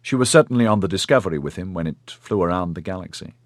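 A man voicing a patient, formal male clinic official who explains things in a measured, polite way with hesitant fillers. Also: deep voice, animated, dry recording, studio quality. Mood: explaining.

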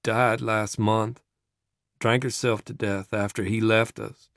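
A man voicing a grieving, enraged young man with a gun, speaking in a rough rural drawl with his voice cracking. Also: lowish voice, little pitch movement, slow, a bit bright, no echo, clean studio sound, exaggerated voice. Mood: tearful rage.

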